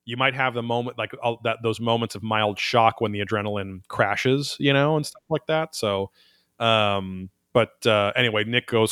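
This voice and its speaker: A man's voice: lowish voice, fairly even intonation, normal speed, a bit bright, clean tone, no echo, clean studio sound. A man hosting a podcast, recapping an episode in a rambling, profane, wry casual chat. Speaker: podcast host.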